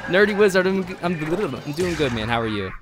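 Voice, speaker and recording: A man live-streaming gameplay, chatting with viewers in an excitable, gushing way and laughing often, flustered. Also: on the high side, brisk.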